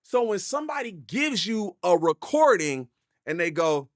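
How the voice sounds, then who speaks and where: A man doing live stream reaction commentary, animated, repeating himself and laughing often. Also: high voice, a little slow, no echo, studio quality. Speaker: hip hop reaction streamer. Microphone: desk mic.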